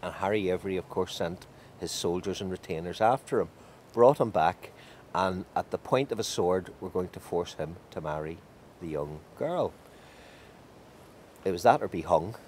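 A man telling a folk tale in a lively, animated way. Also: low-pitched, normal speed, a little hiss or hum. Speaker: storyteller.

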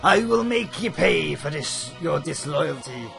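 A man voicing a menacing male undead pirate overlord in a deep pirate voice, reading game dialogue. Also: lively intonation, measured pace, vocal fry, over music, heavily acted.

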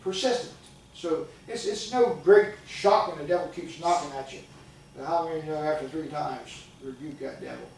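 Older man, preacher, gravelly voice, folksy sermon, distant mic, booming church echo. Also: moderate pace, a little mellow, a little hiss or hum. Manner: folksy storytelling with call-outs to the congregation. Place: church sanctuary. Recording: echoey church recording from far off.

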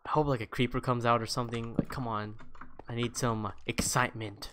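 Excitable man narrating his gameplay. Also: mid-range voice, fairly quick, background noise. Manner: excitable, self-mocking, talks to the game's mobs. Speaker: gaming YouTuber. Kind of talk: casual gameplay commentary. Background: background music.

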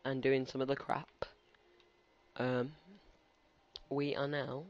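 A man's voice: mid-range voice, completely flat delivery, takes it slowly. Teen guy rambling over his game, chatting back at the characters, kinda muffled lo-fi audio. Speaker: gaming commentator. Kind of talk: casual let's-play commentary. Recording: slightly muffled lo-fi recording.

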